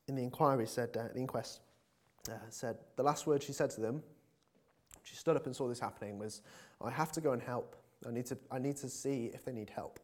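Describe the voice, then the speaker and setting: A man's voice: mid-range voice, a little mellow. A man preaching a conversational sermon in a church, earnest and full of fillers, building to emphatic appeals.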